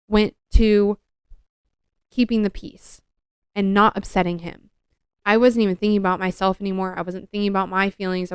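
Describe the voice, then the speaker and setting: Earnest young woman, very clear voice. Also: mid-range voice, no echo. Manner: earnest, confessional, heavy use of "like". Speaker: podcast co-host. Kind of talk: personal storytelling on a podcast.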